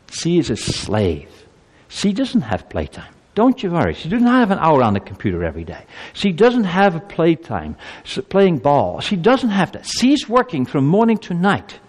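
A man's voice: a little high, a little mellow, breathy edge, long reverb tail. A man giving a children's sermon, telling a story with animation and asking the children questions. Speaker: preacher.

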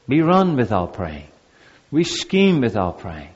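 A man's voice: medium pitch, wildly swooping pitch, slow pace, slightly rough. A male pastor preaching a sermon to his congregation in an earnest, repetitive cadence. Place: church. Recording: dull, echoey church recording.

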